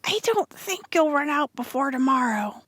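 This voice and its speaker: A woman reading aloud, voicing a brisk farm mother who turns hoarse with a cold, in a high, lively voice. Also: no echo, studio quality. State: hoarse and croaking when sick. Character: worried farm wife, mother, turning hoarse.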